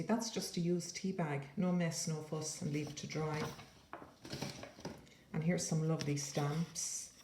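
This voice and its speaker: A woman's voice: low-pitched, vocal fry, background noise. A woman casually showing paper crafts in a chatty, rambling way with playful asides. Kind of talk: casual show-and-tell flip-through. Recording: echoey room.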